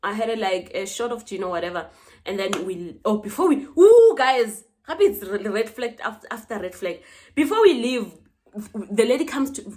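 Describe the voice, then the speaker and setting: A young woman with a South African accent, telling a personal story casually and acting out the dialogue with animated, dramatic flair. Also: on the high side, normal speed. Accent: South African English. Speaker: vlogger.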